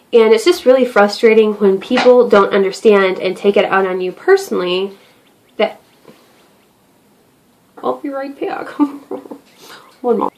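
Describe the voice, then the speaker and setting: A woman talks to her camera at home in an easy, mid-pitched voice. She rambles from one thought to the next, chatty and quick to poke fun at herself. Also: poor audio. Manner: rambling, chatty, self-deprecating. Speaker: vlogger. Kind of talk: casual talk to camera.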